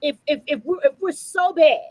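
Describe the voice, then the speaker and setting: Woman, high pitch, dry close sound, heated profane rant. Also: moderate pace, no echo, rough recording. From United States. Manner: blunt, profane, fired-up ranting. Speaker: podcast co-host. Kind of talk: heated commentary.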